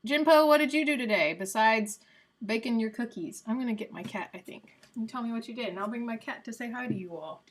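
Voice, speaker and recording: A woman's voice: on the high side, fairly quick, a little hiss or hum. A woman live streaming in casual chat, rambling and answering her viewers by name. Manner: coos softly to her cat.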